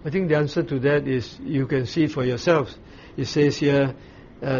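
A man giving a Bible study, explaining scripture in a measured way with frequent pauses and restarts. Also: mid-range voice, steady tone, a little mellow. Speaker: Bible teacher. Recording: slightly dull recording with faint ambient noise.

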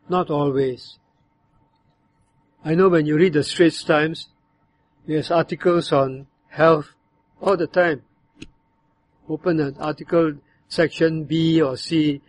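A man preaching a sermon, explaining a verse in a measured way and sometimes voicing other tones to show its meaning. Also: a little high, a little mellow, a little hiss or hum. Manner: measured, explanatory, acts out bitter and demanding tones when quoting. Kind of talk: sermon on a psalm.

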